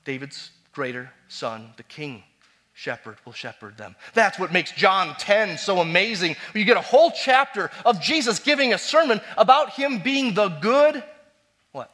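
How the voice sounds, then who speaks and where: A man preaching a sermon, swinging between loud emphatic repetitions and quiet, low asides. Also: expressive, moderate pace.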